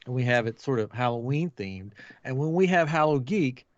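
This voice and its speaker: A man's voice: mid-range voice, normal speed, lo-fi sound. A man hosting a casual live podcast, laughing often and restarting his intro. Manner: giggly, animated, keeps restarting. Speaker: podcast host.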